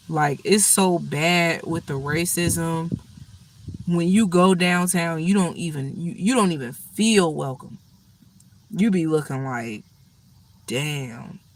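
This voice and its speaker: A woman telling stories in a casual, profane, animated rant to her viewers. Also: sits low. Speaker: vlogger.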